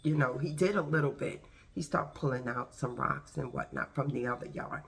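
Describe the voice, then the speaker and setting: A woman's voice: a bass voice, normal speed, gravelly. A woman telling a story casually to her video camera at home, chatty and rambling with frequent asides. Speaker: vlogger.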